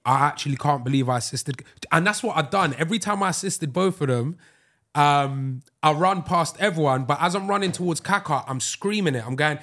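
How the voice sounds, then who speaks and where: A young man, co-hosting a podcast and telling animated stories in casual chat. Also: fairly high pitch, fairly quick. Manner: animated storyteller, slips into excited voices. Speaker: podcast co-host.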